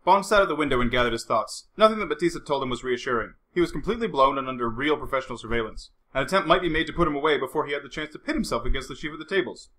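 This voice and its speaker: A man narrating a novel aloud from a room at home. His voice is bright and a touch high, with a lively, animated rise and fall. He reads at a brisk clip. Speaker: audiobook narrator. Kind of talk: audiobook reading.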